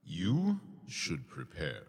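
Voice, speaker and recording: A smug, gravelly fae king. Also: huge pitch swings, extremely slow, a little mellow, big-room sound, heavily acted. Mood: scheming. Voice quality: deep, gravelly. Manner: mocking, relishes others' anger, laughs often. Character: amused, smug ruler of the fae, man. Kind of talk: audio drama acting.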